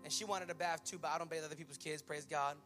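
A male pastor in his thirties preaching a sermon with stories, impassioned and swinging from loud to hushed. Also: a little high, fairly even intonation, fast talker, soft background music. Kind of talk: sermon with storytelling.

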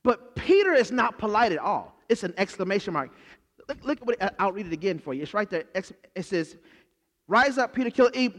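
A man preaching a sermon, retelling a story with lively, conversational energy and acting out the characters' lines. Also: sits high, fairly quick. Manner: animated storytelling, acts out the characters. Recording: long hall reverb.

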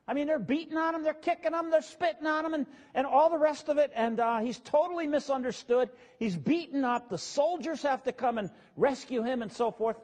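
Pastor guy, really high voice kinda breathy, preaching casual like he's just talking to folks. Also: darkish tone. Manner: casual, plain-spoken preaching with asides to the congregation. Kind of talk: conversational sermon.

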